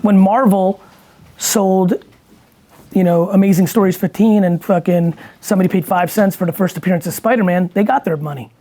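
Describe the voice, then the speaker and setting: A man's voice: high-pitched, moderate pace, warm tone. A man in casual conversation, talking bluntly and emphatically with lots of swearing. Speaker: guest entrepreneur.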